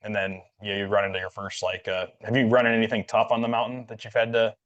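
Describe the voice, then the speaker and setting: Fast-talking man telling a rambling story. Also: fairly low pitch, monotone, fairly bright tone. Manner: rambling, filler-heavy, acts out quoted dialogue. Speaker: podcast host. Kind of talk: casual storytelling chat. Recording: dull lo-fi audio.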